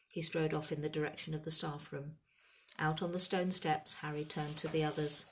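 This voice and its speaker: Low-voiced woman reading a storybook. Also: flat delivery, normal speed. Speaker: audiobook reader. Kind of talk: storybook narration.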